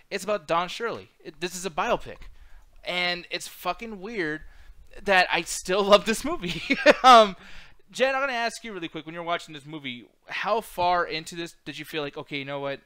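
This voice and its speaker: A man co-hosting a casual late-night movie review show, ranting in an animated, profane way. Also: sits high, no room sound. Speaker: podcast co-host.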